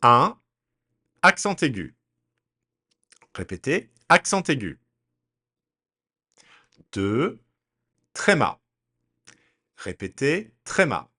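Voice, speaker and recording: A man teaching French pronunciation, speaking deliberately and spelling words out letter by letter in a slow drill. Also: medium pitch, pushed and bright, husky.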